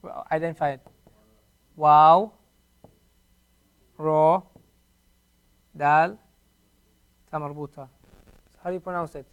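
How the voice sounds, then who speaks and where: A man teaching a beginners' class in a classroom, patiently repeating each word slowly for his students. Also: on the high side, steady tone, clean tone, dull audio. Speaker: Arabic teacher. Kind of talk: classroom language lesson.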